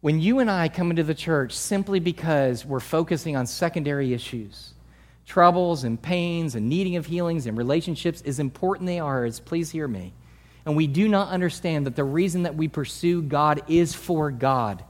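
A male pastor preaching a sermon in a conversational way, swinging from soft asides to loud emphasis. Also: fairly high pitch, lively intonation, normal speed.

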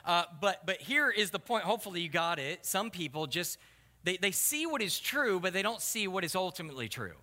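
A man's voice: high-pitched, pushed and bright. A male pastor preaching a sermon in a conversational, self-deprecating way, in a church. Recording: long hall reverb.

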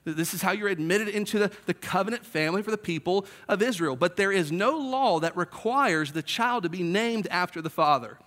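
A man's voice: sits high, a bit bright. A man in his thirties preaching a sermon in a conversational way, acting out the voices he quotes. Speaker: pastor.

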